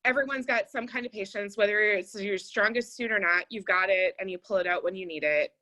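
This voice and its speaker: A woman's voice: medium pitch, brisk, sharp tone. A woman co-hosting a podcast in casual chat, chatty and laughing often. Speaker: podcast co-host.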